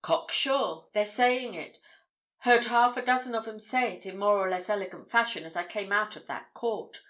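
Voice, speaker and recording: A woman's voice: medium pitch, normal speed, fairly bright tone, close to an everyday voice. A woman reading the part of a blunt, eager young male journalist, hearty and emphatic in his protests.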